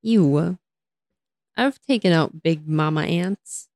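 Young woman co-host, low-ish voice, dry sound, casual, lots of laughs and rants. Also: takes it slowly, dry recording. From United States. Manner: animated, laughs often, rants. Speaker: podcast co-host. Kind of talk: casual chat.

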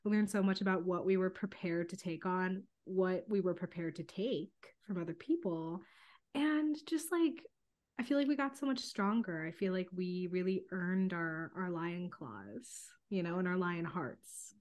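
A woman's voice: on the low side, lively intonation, normal speed, a little mellow. Upbeat woman podcast co-host. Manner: upbeat, laughs often, supportive. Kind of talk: casual chat.

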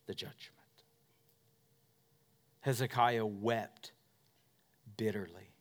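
A middle-aged male pastor preaching a sermon, swinging between loud forceful preaching and soft, quiet storytelling, with self-mocking humor. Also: medium pitch.

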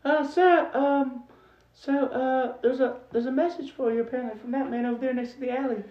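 Guy putting on a high squeaky nervous messenger, hesitant and stammering, echoey room. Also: fairly even intonation, recorded from a distance. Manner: hesitant, halting. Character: nervous timid young messenger man. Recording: roomy, dull sound with faint music.

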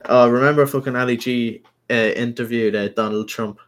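Brief: young podcast co-host, an eager talker who swears a lot. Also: male voice, medium pitch, steady tone, moderate pace. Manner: enthusiastic, swears freely. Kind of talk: casual chat.

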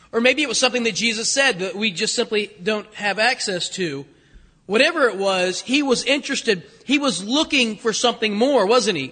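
A man's voice: very high-pitched, bright, forceful tone, long reverb tail. A man preaching a conversational sermon, full of rhetorical questions and acted-out quotes. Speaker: pastor.

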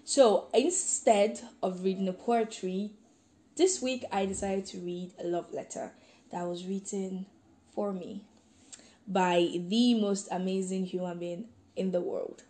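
Young woman podcast host, mellow and chatty, giggly, reads aloud with feeling. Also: mid-range voice, unhurried. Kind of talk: casual podcast monologue.

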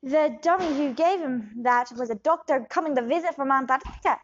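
A woman improvising a shady quack doctor, high-pitched and evasive. She rambles with many pauses and slides between put-on accents. The sound is dull and lo-fi. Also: natural voice. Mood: rambling. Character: shady scam doctor with shifting fake accents. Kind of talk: improv comedy scene.

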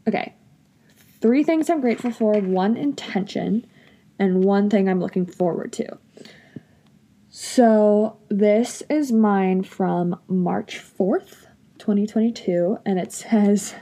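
A woman's voice: medium pitch, mellow. A young woman in her twenties chatting casually to viewers, gushing and emotional, full of filler likes, reading bits from her journal. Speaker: vlogger. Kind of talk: casual chat.

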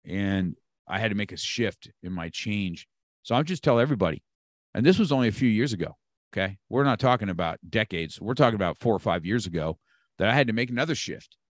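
A martial arts instructor around sixty from California speaks as a guest in a motivational conversation, his lowish voice expressive and a little fast. He's emphatic and repeats key phrases to motivate, recorded cleanly in a studio with no room sound.

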